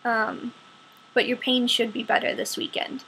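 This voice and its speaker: A woman's voice: fairly high pitch, level tone, a little slow, fairly bright tone, a little hiss or hum, low-quality recording. A woman doing a patient female doctor. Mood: matter-of-fact. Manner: explaining, patient, hedging. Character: calm matter-of-fact female doctor.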